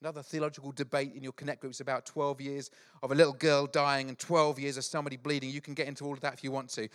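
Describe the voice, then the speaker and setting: A middle-aged man preaching a sermon, telling Bible stories in an animated, joking way with quick acted asides. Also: mid-range voice. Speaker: pastor.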